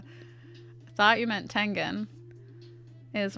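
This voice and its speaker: A woman's voice: mid-range voice, fairly even intonation, unhurried, pauses often, bright, forceful tone, faint music behind. A young woman chatting playfully with her live chat as she draws, answering them aloud. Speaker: artist streamer. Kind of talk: casual livestream chat while drawing.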